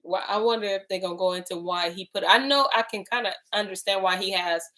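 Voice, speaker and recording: A woman hosting a casual discussion, reading scripture slowly and deliberately and chatting between passages. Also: medium pitch, bright, forceful tone. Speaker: host.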